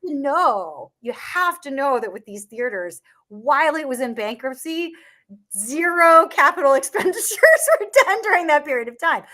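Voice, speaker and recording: A woman's voice: high-pitched, expressive, normal speed, sharp tone. A woman in a casual online chat, talking through an investment topic with frequent laughs, fillers and restarts. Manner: chatty, laughs often, many restarts and fillers. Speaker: market commentator.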